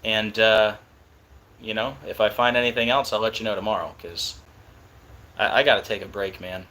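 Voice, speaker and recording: Young male streamer, bright edgy voice, casual and excitable. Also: lowish voice. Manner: excited, disbelieving, fast-talking. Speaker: live stream host. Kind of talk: casual live stream talk.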